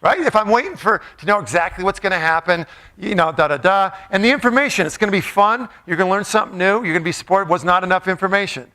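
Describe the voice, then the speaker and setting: Bright, high-voiced playful male speaker. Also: animated, fast. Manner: playful, joking, asks the crowd questions. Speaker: motivational speaker. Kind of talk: live talk to an audience.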